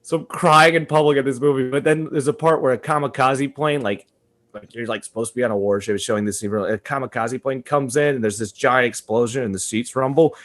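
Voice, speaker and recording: A young man co-hosting a podcast, telling a story in casual chat, animated and profane, laughing often. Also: mid-range voice, a little fast. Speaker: podcast co-host.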